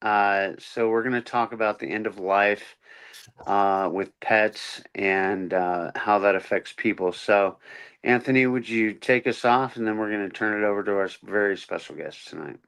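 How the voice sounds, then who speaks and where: A man's voice: lowish voice, moderate pace, gravelly, fairly bright tone, clean tone. A man opening a live pet podcast, jovial and self-deprecating, joking about getting tongue-tied. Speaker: podcast host.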